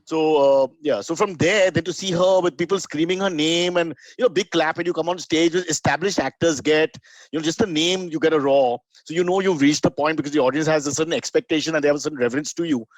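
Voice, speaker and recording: Fast-talking Indian man, animated host. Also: a little high, dry recording, rough recording. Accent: Indian English. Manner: animated, storytelling, quick to laugh. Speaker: podcast host, comedian. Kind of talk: casual podcast chat.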